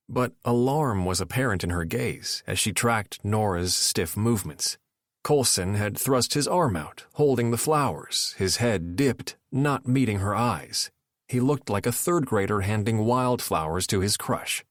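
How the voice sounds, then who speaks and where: A man narrating a romance audiobook in the first person, with expressive storytelling. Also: lowish voice, measured pace, no room sound, clean studio sound.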